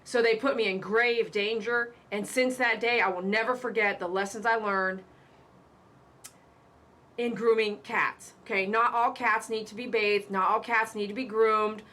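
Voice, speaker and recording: A woman's voice: mid-range voice, steady tone, unhurried, sharp tone. A woman who works as a pet groomer, hosting a live stream in a casual, emphatic way and repeating her warnings with chatty asides.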